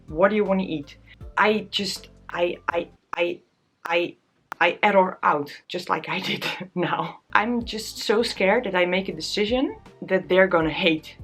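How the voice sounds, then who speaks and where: A woman's voice: on the low side, a bit bright. Tearful young woman vlogging candidly. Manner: candid, self-deprecating, often laughing. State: tearful, close to crying. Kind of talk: casual chat to camera.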